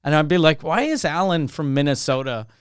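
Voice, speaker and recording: A man co-hosting a podcast in casual chat, telling stories in an animated way and acting out quotes. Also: on the high side, brisk, smooth, no room sound, clean studio sound. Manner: animated storytelling, acts out quotes. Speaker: podcast co-host.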